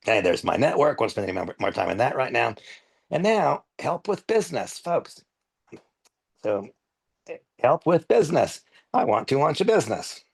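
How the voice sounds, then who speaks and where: Older man, gravelly husky trainer voice. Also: mid-range voice, sing-song, moderate pace, long pauses. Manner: earnest, emphatic, repeats key points. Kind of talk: live training demo. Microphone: headset.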